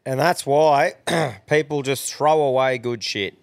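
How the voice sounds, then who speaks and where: A man's voice: mid-range voice, slow pace, gravelly, slight background noise. An Australian man hosting a podcast, talking in laid-back, swearing slang. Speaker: podcast host. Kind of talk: casual podcast chat.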